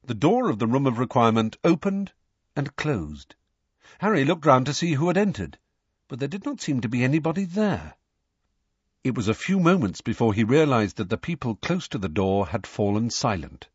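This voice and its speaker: A man narrates a story with lively, varied intonation and a husky, breathy tone. The recording is dull and lo-fi, with a dry, close sound. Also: mid-range voice, moderate pace, no echo. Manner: animated storytelling reading. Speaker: audiobook narrator. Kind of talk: scripted narration.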